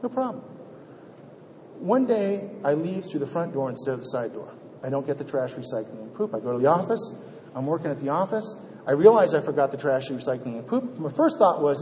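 A man's voice: on the high side, sing-song, quick pace, warm tone, a little hiss or hum. A middle-aged man telling a self-mocking story to a meeting, with exasperated outbursts. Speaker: speaker at a recovery meeting. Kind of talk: storytelling talk. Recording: reverberant hall, faint background ambience.

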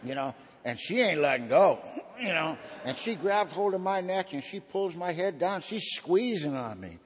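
A man speaking at a recovery meeting, telling his own story in a folksy, slangy way, swinging between loud and hushed. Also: sits high, big pitch swings, moderate pace, slightly rough. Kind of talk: personal testimony talk. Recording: long hall reverb.

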